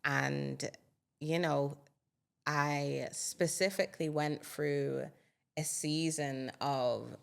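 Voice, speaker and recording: A woman in her thirties speaks as an interview guest, with a strikingly deep voice. Her tone is gravelly with a steady fry underneath. She talks in an open, reflective, personal way. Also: very slow. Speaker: guest, singer. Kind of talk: candid interview conversation.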